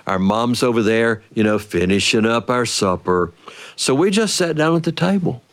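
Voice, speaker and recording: An older man telling a family story in a folksy, playful, drawn-out way. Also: medium pitch, expressive.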